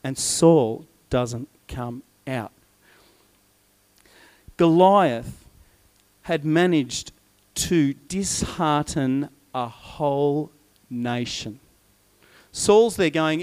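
A man preaching a sermon, retelling a story in a lively way and acting out the voices of its people. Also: a little high, slow pace.

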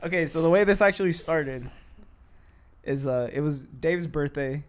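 A man's voice: fairly high pitch, moderate pace. Rambling young man podcaster. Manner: rambling, restarts a lot, swears. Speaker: podcast co-host. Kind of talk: casual chat.

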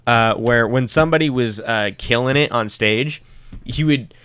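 A man's voice: medium pitch, normal speed, a bit bright, smooth, no echo. A young man in casual chat, telling stories animatedly and swearing often.

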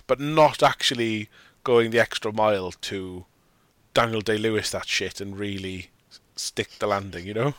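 A man's voice: lowish voice, moderate pace, a bit bright, no echo. A man hosting a casual film discussion, rambling and often correcting himself as he argues his opinions. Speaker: podcast host.

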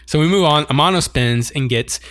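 A man's voice: fairly high pitch, fairly quick, a bit bright. A man co-hosting a casual chat, animatedly recapping an anime episode and laughing often as he reads out scenes. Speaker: podcast co-host.

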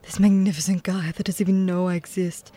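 A woman's voice: fairly low pitch, level tone, brisk, warm tone, close to an everyday voice. A woman playing a shy, awkward Scarecrow figure who writes bad love poetry, in a comedy audio drama. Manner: timid, apologetic, awkwardly earnest. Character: Scarecrow, shy awkward hopeless-romantic poet.

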